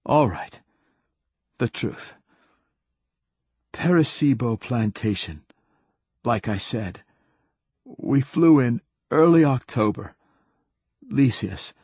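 A man's voice: medium pitch, lively intonation, slow pace, long pauses, darkish tone, breathy edge, no room sound. A man voicing a male priest in agonizing pain, gasping and begging in an audiobook reading. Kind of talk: audiobook character voice.

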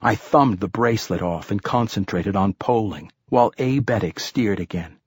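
A man reading an adventure novel aloud as an audiobook, in calm, measured storytelling. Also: on the low side, slightly rough, dry recording. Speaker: audiobook narrator. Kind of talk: scripted audiobook narration.

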